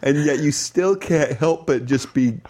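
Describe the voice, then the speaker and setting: A man's voice: fairly high pitch, measured pace, darkish tone, slight background noise. A man in his thirties co-hosting a podcast, telling rambling stories in casual chat and laughing as he talks. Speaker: podcast co-host.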